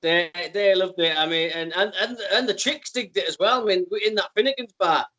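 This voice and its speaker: English co-host, high bright voice, eager and stammering. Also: male voice, brisk, poor audio. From England. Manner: enthusiastic, stammers on restarts. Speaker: podcast co-host. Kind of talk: casual interview chat.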